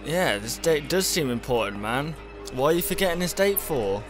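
A man's voice: on the high side, lively intonation, moderate pace, over music. A young man, commenting as he plays a horror game on a headset mic and talking to himself as he gets easily startled. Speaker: gaming YouTuber.

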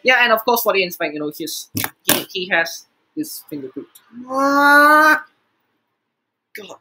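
A man giving profane, exasperated reaction commentary, swearing often and jumping in pitch. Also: lively intonation, fairly quick, sharp tone, faint music behind, low-quality recording. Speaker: reaction video host.

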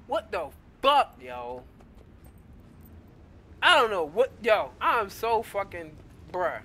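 A man's voice: high-pitched, sing-song, takes it slowly, pushed and bright. A man giving an angry, profane rant about a game update, exasperated and laughing through his anger. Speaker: gamer.

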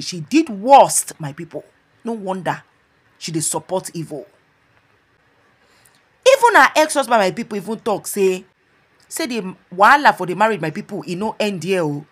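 A woman with a Nigerian Pidgin accent telling celebrity gossip to her viewers in a lively, chatty storytelling way, often calling out to "my people". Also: mid-range voice, breathy edge. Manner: animated storytelling, repeats "my people". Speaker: gossip blogger. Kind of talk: casual gossip commentary.

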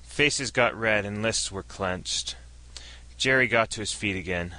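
A man reads the story aloud with steady, even storytelling. His voice sits lowish but comes across bright and forceful. The recording is dry and close, with no room sound. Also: a little slow, dry recording, rough recording. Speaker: narrator. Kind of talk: scripted story narration.

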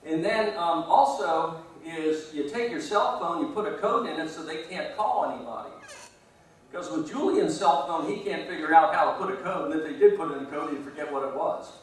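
A man's voice: fairly high pitch, a little fast. A man, a guest speaker at a meeting, telling a long rambling anecdote and chuckling at his own story. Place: meeting hall. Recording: echoey room from far off.

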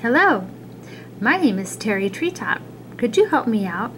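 A woman's voice: a little high, big pitch swings, moderate pace, a little hiss or hum, low-quality recording. A woman doing a polite young boy. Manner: polite, soft-spoken.

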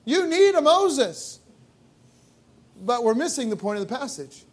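A man's voice: extremely high pitch, big pitch swings, unhurried. A male pastor preaching a sermon in a church, emphatic and full of rhetorical questions. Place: church sanctuary.

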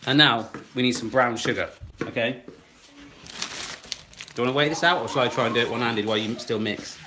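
A man's voice: mid-range voice, fairly quick, noisy background. A man in his thirties hosting a casual live cooking demo in his home kitchen, chatting away and reading viewer comments aloud as he cooks. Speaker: cooking live-stream host.

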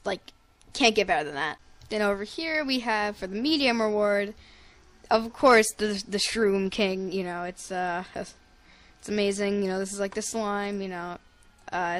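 A woman hosting a gaming video, giving casual, rambling commentary full of fillers and giggles. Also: medium pitch.

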